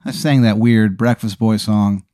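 A man's voice: fairly low pitch, measured pace, dry recording, clean studio sound. A man hosting a podcast, rambling through an improvised comedy bit and slipping into goofy voices. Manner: animated rambling storyteller with goofy put-on voices. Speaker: podcast host.

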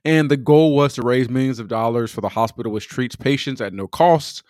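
A man's voice: mid-range voice, no room sound, clean studio sound. Laid-back man co-hosting a podcast. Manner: relaxed, halting with fillers and restarts. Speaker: podcast co-host. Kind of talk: casual chat.

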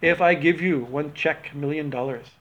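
A man's voice: fairly high pitch, moderate pace, a bit bright, slight background noise, lightly acted. A man putting on a teasing old swami. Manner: playful, questioning. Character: older male swami teasing his student. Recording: dull lo-fi recording.

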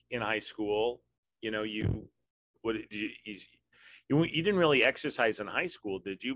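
A man's voice: medium pitch, a bit bright, no echo. A man hosting a casual podcast chat with his sister, talking in a wry, rambling way with sarcastic asides. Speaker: podcast host.

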